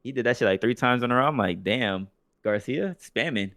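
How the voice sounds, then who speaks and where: Talking very fast with a fairly bright tone, this young male podcast co-host has a medium-pitched voice and studio-quality sound with no room noise. His casual chat is profane, packed with loose stories and mocking impressions of people.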